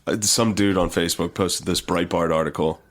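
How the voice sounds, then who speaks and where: A man's voice: fairly even intonation, fairly quick. Wisecracking man on a comedy podcast. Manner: wisecracking, jumps to high squeaky impressions. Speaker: podcast co-host. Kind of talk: casual comedic chat.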